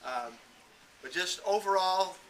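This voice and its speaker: A man speaking as head coach at a team banquet, handing out awards with halting repeats and fillers. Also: high-pitched, lively intonation, a bit bright. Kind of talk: awards speech to players and parents. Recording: distant mic with background noise.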